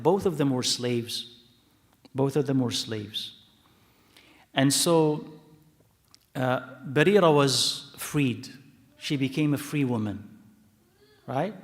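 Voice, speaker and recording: A man with a mid-range voice teaches a hadith lesson to a live audience in a mosque hall, where the sound carries through the big room. He explains the text by repeating points and checking in rhetorically, weaving in short Arabic phrases and blessings.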